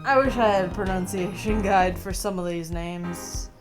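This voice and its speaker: A woman's voice: medium pitch, normal speed, faint music behind. A woman streamer chatting casually through a game, laughing often and swearing now and then, with a slight cough as she gets over being sick. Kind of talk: casual let's-play commentary.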